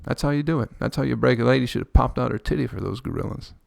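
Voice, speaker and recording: Gravelly-voiced man in a crude rambling podcast ramble. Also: racing, dry recording. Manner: crude, rambling, joking, swears a lot; mimics people in high squeaky voices. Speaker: podcast host. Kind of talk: casual solo podcast monologue.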